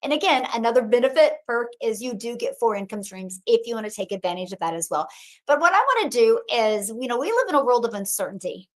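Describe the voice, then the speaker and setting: A woman's voice: fairly high pitch, animated, fast talker. Upbeat woman hosting a live webinar. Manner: encouraging, upbeat presenter. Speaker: host and program coach.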